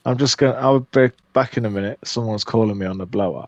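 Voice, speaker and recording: A man's voice: mid-range voice, quick pace, few pauses, no room sound, dull audio. A British man co-hosting a podcast in casual chat, teasing and cheeky with a dry wit. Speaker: podcast co-host.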